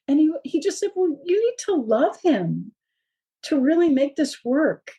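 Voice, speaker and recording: A woman guest, a parent of three, talking in a casual interview as an animated storyteller who fills her talk with fillers and laughs. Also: high voice, moderate pace, poor audio.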